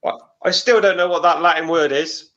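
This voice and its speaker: A man's voice: on the high side, steady tone, fairly quick, a bit bright, highs cut off. A man who is a gardening regular on a chat show, talking in a dry, matter-of-fact way. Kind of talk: casual chat.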